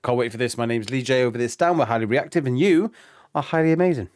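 A man's voice: mid-range voice, fast, darkish tone, no echo, clean studio sound. A man with a British accent co-hosting a reaction video, chatting casually and bluntly, swearing freely.

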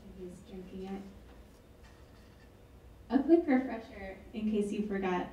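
A woman's voice: medium pitch, measured pace, dark tone, distant mic. A woman author reading her book aloud at an event, with wry, chatty asides. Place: event hall. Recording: echoey hall, mic from afar.

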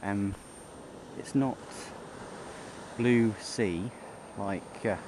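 A man's voice: lowish voice, drawn-out words. A man giving casual, jokey running commentary to himself while riding a motorbike on country roads. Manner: chatty, jokey, talking to himself. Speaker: motorcycle vlogger. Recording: road and engine noise under the voice.

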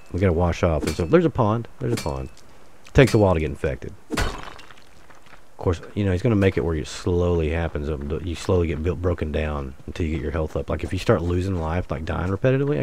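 A gaming channel host with a low, darkish voice gives casual, jokey solo commentary while playing a survival game, rambling and muttering asides to his viewers. A little hiss or hum is audible.

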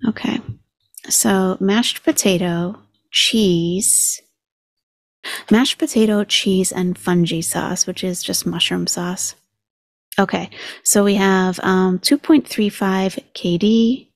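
A woman's voice: medium pitch, steady tone, slow, no echo. A woman hosting a commentary channel, chatting casually and sarcastically as she talks numbers through aloud.

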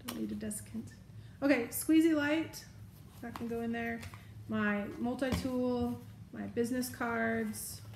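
Packing her bag and thinking out loud, a hiccuping vlogger chats casually in a show-and-tell. She has a somewhat high, slightly mellow voice, with reverb and a bit of hiss or hum in the recording.

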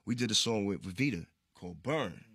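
A man tells his story as an interview guest, loose and profane, voicing the people he quotes. His voice sits low but cuts through with a bright, forceful edge. The sound is close and dry. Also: lively intonation, a little fast, slightly rough, dry recording. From Queensbridge, New York.

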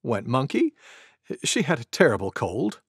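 Mister Goose, a friendly storybook goose; slow, swooping, dry close sound. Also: mid-range voice, breathy edge, no room sound, exaggerated voice. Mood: cheerful. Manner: slow, sing-song and very expressive. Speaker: storybook reader. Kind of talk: children's read-aloud.

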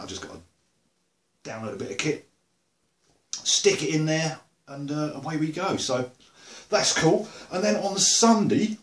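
An English man chatting casually to camera about beer and music, rambling with dry humor. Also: mid-range voice. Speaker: video blogger. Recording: roomy echo.

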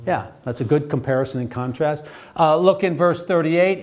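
A man's voice: fairly high pitch, a little mellow. Male teacher leading a Bible class. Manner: halting, with frequent restarts and questions to the class. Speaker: theology teacher. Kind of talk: interactive Bible study lecture.

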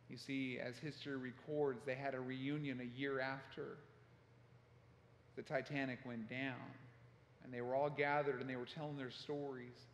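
A man preaching a sermon as pastor, telling a story with passion and acting out shouted quotes. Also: a little high, flat delivery, normal speed. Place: church sanctuary. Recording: echoey church hall.

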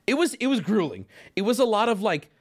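Streamer guy with a high voice, swings up and down a lot, swearing and mocking himself while he rants. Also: a little fast. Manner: animated, profane, self-mocking rant. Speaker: livestreamer. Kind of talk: casual storytelling to chat.

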